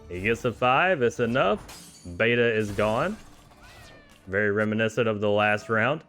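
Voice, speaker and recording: On the low side, a man's voice calls play-by-play for a card game tournament in a casual, excitable way. He chuckles often and cheers the players on.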